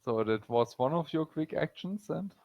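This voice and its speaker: A man with a German accent running a tabletop game as game master, speaking haltingly with many fillers. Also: fairly high pitch, animated, a little mellow, no room sound, highs cut off.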